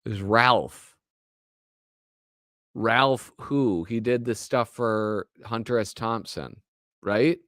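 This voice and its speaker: A man's voice: lowish voice, slow, pauses often, a bit bright, no room sound, studio quality. A man hosting a live show, chatting casually with rambling, joking asides that trail off mid-thought. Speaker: host. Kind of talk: casual live-stream commentary.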